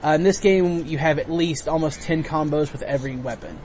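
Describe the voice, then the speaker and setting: A man's voice: fairly high pitch, fairly quick, darkish tone. A man hosting a let's play, chatting casually, laughing often and explaining game mechanics. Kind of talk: casual gameplay commentary.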